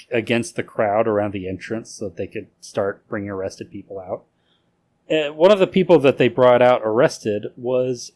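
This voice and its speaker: A man's voice: mid-range voice, a little mellow. Guy co-hosting a chill podcast, rambly storyteller, swears a lot, lots of "like". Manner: rambling storyteller, many "like" fillers, swears freely. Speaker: podcast co-host telling history. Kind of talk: casual drinking-game podcast chat.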